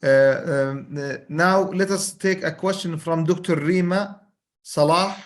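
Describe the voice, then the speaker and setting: A man's voice: a little high, steady tone, slow pace. Polite man moderating a seminar. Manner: polite and formal, uses titles, many fillers. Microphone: video call.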